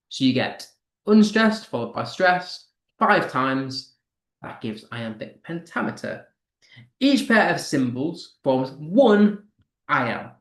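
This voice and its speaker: Lively male teacher in an echoey room. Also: mid-range voice. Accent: British English. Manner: explains patiently, with many ums and restarts. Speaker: English teacher. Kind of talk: online lesson.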